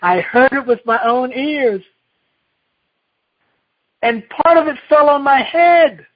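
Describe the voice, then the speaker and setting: A man voicing a frantic little chick in a children's story, shrill and breathless with alarm. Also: expressive, takes it slowly, breathy edge, heavily acted. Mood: panicked. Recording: dull lo-fi recording.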